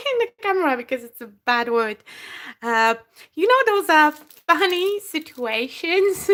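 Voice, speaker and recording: A woman's voice: a little high, a bit bright. A woman with a non-native English accent hosting a casual craft live stream, chatty and laughing as she works, with slushy sh sounds. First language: not English. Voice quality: slushy sh sounds, slow and halting. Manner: chatty, laughs often, talks while working.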